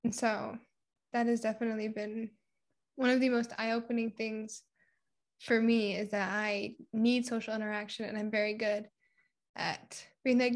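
A woman's voice: on the high side, little pitch movement, moderate pace, vocal fry. A young woman from Puerto Rico chatting candidly, telling personal stories and acting out little quotes. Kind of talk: casual conversation.

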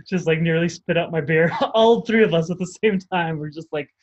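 A man co-hosting a podcast, telling a story casually, with many restarts and laughs. His voice is a touch high. The recording is dull and muffled. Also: measured pace. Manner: rambling, hesitant, laughs. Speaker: podcast co-host.

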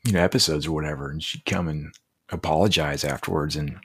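A middle-aged man telling heartfelt stories as a podcast guest, halting and restarting often. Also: very deep voice, steady tone, slightly rough. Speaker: podcast guest, leadership coach. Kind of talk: casual interview storytelling.

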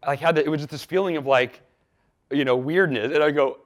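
A man guest on an interview show, telling a story in a lively way and acting out the quoted dialogue. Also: fairly high pitch, fast. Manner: animated, acts out quoted dialogue with lively swings in loudness. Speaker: podcast guest.

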